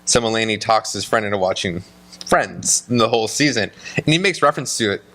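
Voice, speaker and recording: A man co-hosting a casual podcast, telling stories in a rambling, animated way from a small room. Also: on the low side, fairly quick. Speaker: podcast co-host. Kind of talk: casual chat.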